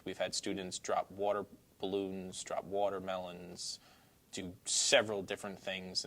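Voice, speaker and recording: A teacher from Brooklyn, New York, a man with a New York accent, answering interview questions in a relaxed, rambling way. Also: lowish voice. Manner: relaxed, rambling, laughs easily.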